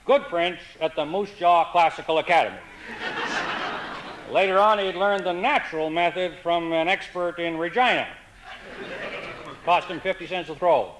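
A man telling comic stories in a dry, wry, deadpan way. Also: high-pitched, a little slow, long pauses, background noise. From Canada. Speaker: humorist. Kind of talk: comic storytelling.

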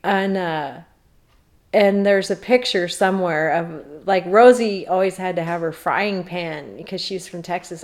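A woman's voice: on the low side, measured pace. A middle-aged woman from Alaska, telling a rambling story in a casual interview and laughing often.

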